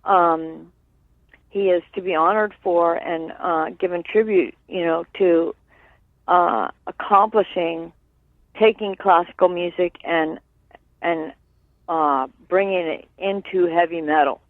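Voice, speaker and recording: A woman guest being interviewed, speaking earnestly and haltingly with many fillers and tag questions like "right?". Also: on the low side, fairly even intonation, no room sound. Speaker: guest, sister of a late musician. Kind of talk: candid interview over the phone. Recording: dry tinny phone line.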